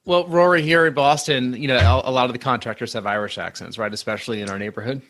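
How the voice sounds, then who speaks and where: Fast, bright-voiced man host. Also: medium pitch, steady tone. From New York area. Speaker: podcast host. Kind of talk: casual interview chat.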